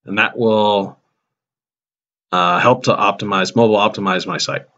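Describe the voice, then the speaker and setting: A man who teaches high school math, casually narrating a screen-recorded web coding tutorial as he types, with a touch of dry sarcasm. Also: moderate pace, lo-fi sound. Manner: relaxed, self-narrating while typing, dry sarcasm.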